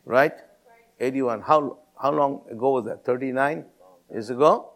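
A pastor in his sixties telling a testimony in a sermon, animated, rising high when he quotes others. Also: unhurried.

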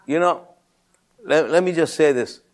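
A pastor in his sixties telling a testimony in a sermon, animated, rising high when he quotes others. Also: a little slow.

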